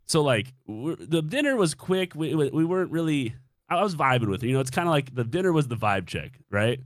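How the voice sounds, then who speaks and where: A man's voice: fairly high pitch, big pitch swings, fairly quick, no room sound, clean studio sound. A young man casually telling a dating story on a stream, swearing freely and acting out his own reactions.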